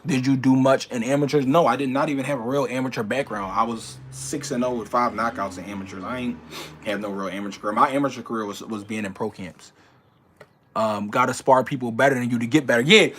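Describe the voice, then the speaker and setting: Laid-back Philly boxer chatting with viewers. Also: male voice, quick pace, a little hiss or hum. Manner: animated, incredulous when ranting, then low and mumbled. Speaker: boxer answering viewer questions. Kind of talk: casual livestream chat.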